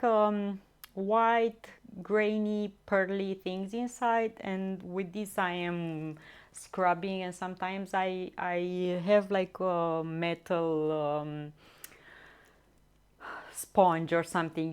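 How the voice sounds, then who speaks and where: A woman chatting casually with viewers as she cooks live in her home kitchen, often pausing to search for words. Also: fairly low pitch, fairly even intonation, clear, resonant tone. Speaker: streamer cooking live. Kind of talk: casual live-stream cooking chat.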